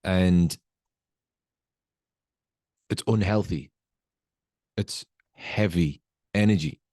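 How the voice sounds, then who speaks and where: A man hosting a podcast, giving an earnest, emphatic motivational monologue at a slow, coaching pace. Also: low voice, a little mellow, dry recording, clean studio sound. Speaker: podcast host.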